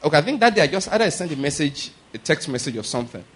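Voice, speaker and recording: A man preaching a conversational sermon, often pausing to ask whether listeners are following and chuckling through anecdotes. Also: fairly high pitch, big pitch swings, slightly rough. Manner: checks in with "are you getting my point?" and "all right?".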